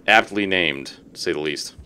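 A man's voice: deep voice, moderate pace, smooth. A man streaming live gameplay, chatting to his viewers and to the creatures on screen, yelping and cursing when things go wrong. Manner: excitable, talks to game creatures, yelps and curses.

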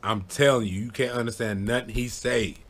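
A young man spinning a childhood story for his viewers, easygoing and rambling. He keeps tossing in "you know what I'm saying" and laughs at his own tale. His voice sits in a middle pitch. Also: steady tone, brisk, a bit bright. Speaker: vlogger. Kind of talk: casual storytelling.

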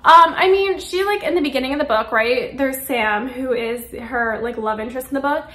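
A woman's voice: high voice, moderate pace, pushed and bright, roomy sound. A woman chatting casually through a monthly book wrap-up at home, gushing and saying "like" a lot. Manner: chatty, gushing, heavy use of "like". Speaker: book reviewer. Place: room at home during a power cut, daylight fading.

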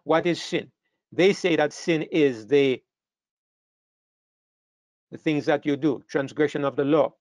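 A man preaching a sermon, emphatic, rising sharply in pitch and volume on key phrases and often restarting his words. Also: a little slow, pauses often, a little mellow, dry recording.

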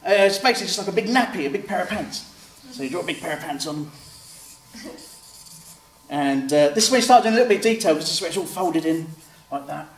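This author and illustrator has a voice on the high side, expressive and quick. He leads a chatty, step-by-step drawing demo, imitating how children answer. The audio sounds roomy, captured by a distant mic over faint background noise.

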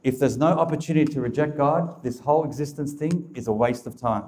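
A man's voice: mid-range voice, brisk, dark tone, a little hiss or hum. Emphatic man preaching to a crowd. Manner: emphatic, repetitive, addresses the audience directly. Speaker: speaker of a religious talk. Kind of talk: preaching talk to a live audience.

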